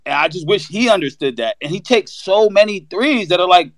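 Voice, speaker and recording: A man on a casual sports talk panel, telling stories in an animated way full of slang. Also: sits high, a little fast, no room sound.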